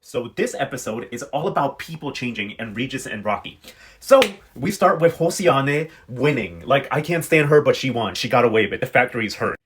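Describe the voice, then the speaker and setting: A man's voice: medium pitch, lively intonation, fairly quick, a little hiss or hum. A man giving a sassy, slangy, casual recap of a soap opera, talking straight to his viewers. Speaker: telenovela recap vlogger.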